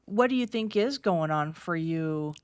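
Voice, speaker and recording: A woman hosting an interview, gently reflecting back what her guest shares and asking how she feels. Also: low voice, animated, a little slow, clean tone, no echo, clean studio sound. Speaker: podcast host. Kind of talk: empathetic interview questions.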